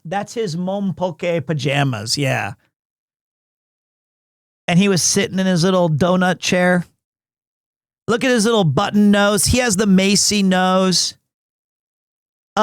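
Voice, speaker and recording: A man's voice: high voice, clean tone, dry recording, clean studio sound. A man hosting a game livestream, chatting casually in a gushing, rambling way and often repeating his words. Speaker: livestream gamer host. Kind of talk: casual stream chat.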